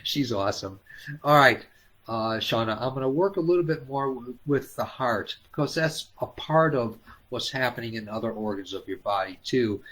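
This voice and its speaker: A man hosting a live healing stream, talking gently and haltingly with many fillers, coaxing viewers by name. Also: medium pitch, lively intonation. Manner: coaxing, addresses viewers by name and calls them hon. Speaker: spiritual healer hosting a live Q&A.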